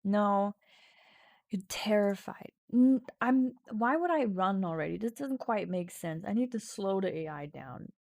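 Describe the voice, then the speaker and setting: Typing her way through an AI text adventure on a home stream, this non-native English speaker reads the story out loud and keeps poking fun at herself with frequent laughter. She has a mid-range, expressive, slightly mellow voice, a little slow, with no room sound.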